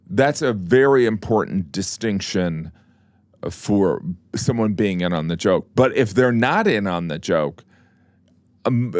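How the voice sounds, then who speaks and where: Dry, low-voiced man rambling in chat. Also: dry recording. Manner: rambling with many restarts, dry teasing. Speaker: guest comedian. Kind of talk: casual podcast chat.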